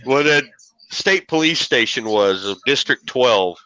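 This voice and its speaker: A man's voice: medium pitch, animated, unhurried, pushed and bright, no room sound, low-quality recording. A middle-aged man from Illinois, hosting and telling rambling, folksy stories with casual swearing. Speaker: show host. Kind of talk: casual storytelling.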